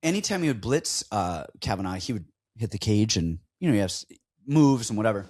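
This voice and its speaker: A man's voice: fairly low pitch, sing-song, brisk, darkish tone. A man co-hosting a casual podcast, breaking down fights and joking around in a rambling way. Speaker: podcast co-host.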